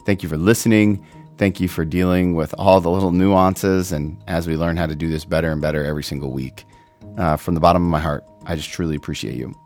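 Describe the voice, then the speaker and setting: Deep-voiced male podcast host, encouraging, dry sound with faint music. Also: fairly even intonation, fast, darkish tone. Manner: laughs often, encouraging. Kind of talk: casual interview hosting.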